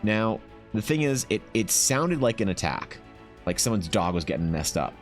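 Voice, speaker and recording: A young Canadian man with a deep, low voice rambles through a story for his live stream chat. He swears freely, restarts his sentences and leans on fillers, and faint music plays behind him. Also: sing-song, normal speed.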